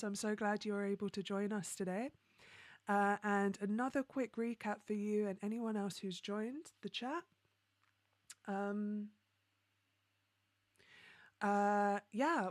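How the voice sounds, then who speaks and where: A woman from London, hosting a casual livestream, reading viewer comments and chatting in an upbeat way, laughing often and filling pauses with ums. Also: medium pitch, no room sound. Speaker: livestream host.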